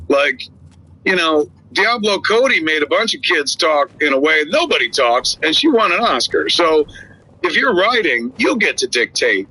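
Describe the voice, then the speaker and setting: A man's voice: on the high side, faint music behind. A man in his fifties chatting on a podcast, telling stories and acting out quoted dialogue. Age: 50s. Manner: animated storyteller, acts out dialogue with quick voice shifts. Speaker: podcast co-host. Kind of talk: casual chat.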